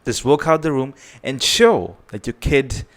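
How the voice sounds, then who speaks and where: A man's voice: mid-range voice, lively intonation, unhurried. A man giving earnest parenting advice, often checking in with "right?". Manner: earnest, repetitive, tags points with "right?". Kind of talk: advice talk to camera.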